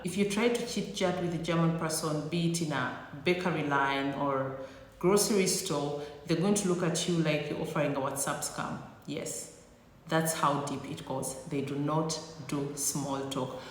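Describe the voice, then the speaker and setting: A woman's voice: low-pitched, fairly even intonation, moderate pace. Sassy woman vlogger in an echoey room. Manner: sassy, teasing, playful exaggeration. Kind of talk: comedic talk to camera. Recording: echoey room with long reverb.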